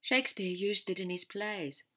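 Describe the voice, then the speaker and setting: A woman's voice: medium pitch, normal speed, a bit bright, pitched above the performer's own voice, close to an everyday voice. A woman reading aloud and voicing a reserved young man, dry and exasperated with his mate.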